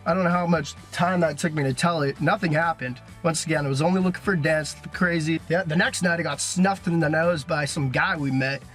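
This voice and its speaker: A man's voice: on the high side, fairly quick, hardly any pauses, soft background music. A young man vlogging, telling a long story in a casual, rambling way with lots of filler words. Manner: rambling and animated, heavy on "like" fillers.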